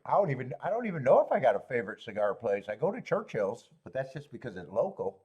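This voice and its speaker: A man's voice: mid-range voice, big pitch swings, fast talker, darkish tone, breathy edge, dull audio. A man hosting a live horse racing stream, rambling and joking while greeting viewers in chat.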